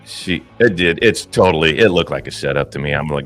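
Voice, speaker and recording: A man's voice: a bass voice, big pitch swings, fast, hardly any pauses, fairly bright tone, soft background music. A man hosting casual commentary, blunt and profane, with laughing asides. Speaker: commentary host.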